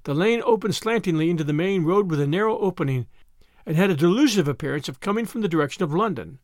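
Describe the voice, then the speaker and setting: A man reading a novel aloud as scripted narration, with a dramatic delivery that calls out the crowd's shouts. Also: high-pitched, expressive, fast talker, dry recording, studio quality. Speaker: audiobook narrator.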